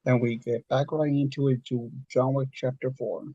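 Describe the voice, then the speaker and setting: A man's voice: mid-range voice, little pitch movement, moderate pace, mellow, dry recording, lo-fi sound. A man hosting a movie livestream in a laid-back, casual way, plugging his channels. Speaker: livestream host.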